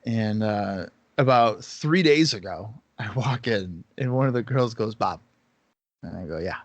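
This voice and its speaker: A man's voice: on the low side, animated, no echo. Podcast co-host, male, casual storyteller with a loose, profane delivery. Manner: swearing, storytelling, quick asides. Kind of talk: casual chat.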